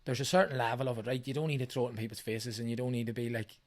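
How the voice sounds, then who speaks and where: Male guest, mid-pitched, motivational and sweary. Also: fairly even intonation, very fast. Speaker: podcast guest, runner. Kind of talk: casual chat.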